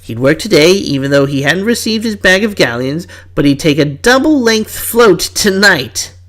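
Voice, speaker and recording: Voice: medium pitch, expressive, moderate pace, a bit bright. Chatty fan fiction reader. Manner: chatty, breaks off for asides. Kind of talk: reading fan fiction aloud with voices.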